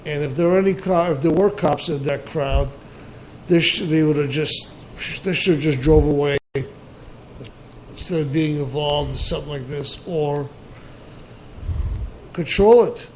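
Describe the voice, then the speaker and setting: A male talk-show host chats loosely, stumbling through fillers and circling back on his sentences. His voice sits a little high for a man. There is a faint hiss of noise behind the recording. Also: a little slow, pauses often, rough recording. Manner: rambling, many fillers and restarts. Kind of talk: casual call-in show chat.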